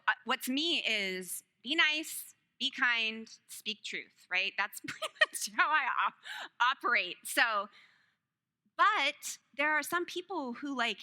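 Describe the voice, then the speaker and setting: Woman preacher, bright lively delivery, self-mocking humor, conversational sermon. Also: a little high. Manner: self-deprecating, joking, laughs often. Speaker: speaker at a church service. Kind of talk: sermon with personal stories.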